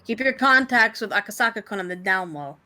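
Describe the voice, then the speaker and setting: A woman's voice: mid-range voice, expressive, fairly quick, bright, forceful tone. A woman voicing a police superior giving orders, read aloud in her own voice. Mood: instructing.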